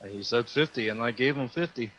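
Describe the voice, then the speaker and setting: A man's voice: medium pitch, fairly quick, a bit bright, muffled recording, slight background noise. A man playing in a tabletop game, talking casually. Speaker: player.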